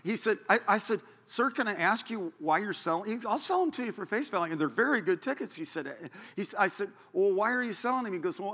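Male pastor, excitable storyteller, sharp high voice, long hall reverb. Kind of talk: sermon. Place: church. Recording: echoey church hall.

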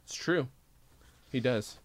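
A man's voice: medium pitch, slow, no echo. A man co-hosting a podcast in casual chat, playful and laughing often. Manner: playful, laughs often, slips into silly impression voices. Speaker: podcast co-host.

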